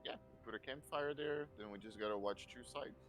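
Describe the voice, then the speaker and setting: A man's voice: mid-range voice, fairly quick, a bit bright, soft background music. A man playing a tabletop game, chatting casually and joking, swearing freely. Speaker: player.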